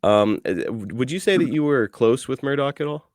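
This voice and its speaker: A man's voice: medium pitch, expressive, moderate pace, darkish tone, no echo, clean studio sound. A man hosting a podcast, asking eager casual questions with swearing and laughs. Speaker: podcast host. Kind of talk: casual interview chat.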